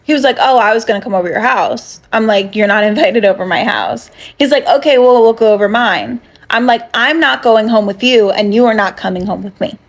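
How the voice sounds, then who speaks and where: A young woman casually recounting a date in a sardonic, deadpan way, full of fillers. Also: mid-range voice, a little fast, few pauses. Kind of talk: casual storytelling to camera.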